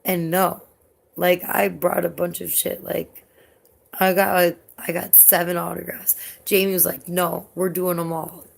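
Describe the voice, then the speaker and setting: A woman's voice: on the low side, little pitch movement, unhurried, creaky. A young woman vlogger telling a story in a rambling, casual way, filling her talk with "like" and swearing freely. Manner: rambling, heavy use of "like", swears often.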